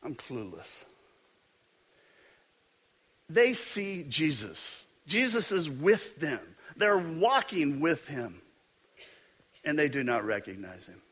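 A middle-aged male pastor preaching a sermon, telling stories with animated, self-mocking humor. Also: on the high side, takes it slowly, pauses often, husky.

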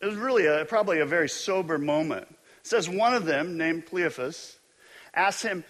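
Middle-aged man, pastor, slightly high voice, lively storytelling sermon with self-deprecating jokes. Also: normal speed. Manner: storytelling, animated, self-mocking humor.

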